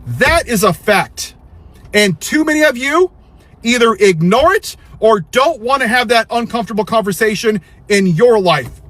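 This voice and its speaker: High-voiced man preaching at viewers. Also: a bit bright. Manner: preachy, confrontational, rhetorical questions. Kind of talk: direct-to-camera commentary.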